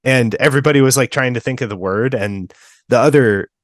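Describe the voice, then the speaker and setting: A young man co-hosting a book podcast, talking in a relaxed, rambling way with lots of fillers. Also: mid-range voice, brisk, no echo, studio quality. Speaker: podcast co-host. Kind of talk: casual book discussion.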